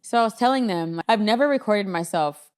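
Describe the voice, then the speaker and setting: Woman cohosting a podcast, chatty and lively, tells stories and laughs a lot. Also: mid-range voice, brisk, clean tone. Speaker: podcast co-host. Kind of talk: casual chat.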